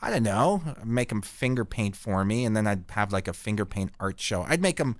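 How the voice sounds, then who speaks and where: A middle-aged man from Canada hosting a podcast, telling rambling stories in a crude, deadpan comic way. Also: on the low side, normal speed, no room sound, clean studio sound. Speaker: podcast host. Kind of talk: casual profane storytelling.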